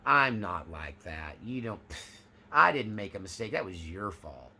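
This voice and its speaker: A man acting out an arrogant narcissist who waves off all blame in a low, scoffing mutter. The voice is gravelly, and its sharp edge stays clear under faint background noise. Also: very animated, moderate pace, full character voice. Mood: scornful. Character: dismissive arrogant adult grandiose narcissist.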